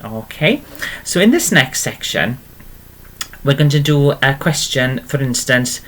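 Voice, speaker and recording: A man's voice: medium pitch, big pitch swings, unhurried, a bit bright. A man teaching a beginner language lesson, patient and encouraging, often checking in with "okay?". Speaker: Welsh language tutor.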